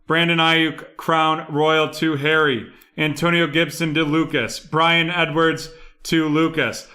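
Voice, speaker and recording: Young male host, bright clear voice, unhurried reading of a card break rundown. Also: on the high side. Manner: rattles off names and buyers in a steady rundown.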